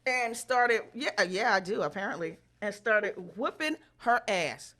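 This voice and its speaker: A woman telling a story in casual chat, animated and profane, and she jumps into loud high voices when she quotes people. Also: measured pace, slight background noise. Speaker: storyteller host.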